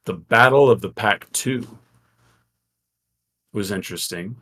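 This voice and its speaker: A man's voice: fairly low pitch, unhurried, a bit bright. A man co-hosting a sports podcast, chatting casually in loose, profane bursts with frequent restarts. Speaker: podcast co-host.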